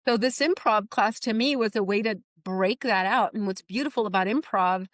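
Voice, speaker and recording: A middle-aged woman telling her story as a podcast guest. She talks animatedly and jumps into the voices of the people she quotes. Her pitch sits in the middle, and the sound is dry and close. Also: normal speed, fairly bright tone, dry recording.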